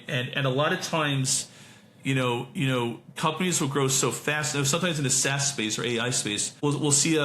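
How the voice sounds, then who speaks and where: Rambling man telling stories in an echoey room. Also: mid-range voice. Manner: rambling storyteller, many self-corrections and restarts. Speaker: podcast co-host. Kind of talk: casual chat. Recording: bright, echoey room with faint hiss.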